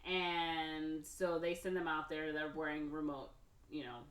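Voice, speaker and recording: A woman's voice: low voice, little pitch movement, a little slow. A woman podcast co-host casually retelling a film plot in a rambling way, full of "like" and "or whatever" and acting out the characters' lines. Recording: roomy echo, mic off at a distance.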